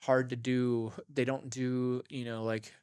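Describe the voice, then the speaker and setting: A man co-hosting a podcast, talking in a casual, animated, rambling way, swearing and saying "like" a lot. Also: mid-range voice, a little slow, clear, resonant tone, dry recording, clean studio sound. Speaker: podcast co-host. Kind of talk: casual chat. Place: gym.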